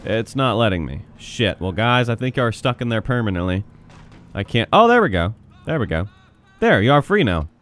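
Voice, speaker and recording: Excitable, lively-voiced male gamer. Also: fairly low pitch, normal speed. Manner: excitable and profane, bursts into shouting. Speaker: gameplay commentator. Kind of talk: playful role-play gaming commentary. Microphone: headset.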